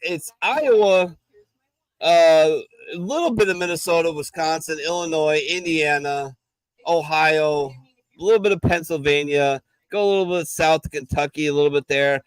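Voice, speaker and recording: A man's voice: on the high side, normal speed, smooth, no echo. A man hosting a live bar-room chat show, swearing and joking loosely as he talks after a few drinks. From American Midwest. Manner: profane, joking, loose drunken talk. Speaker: podcast host. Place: bar compound, live stream.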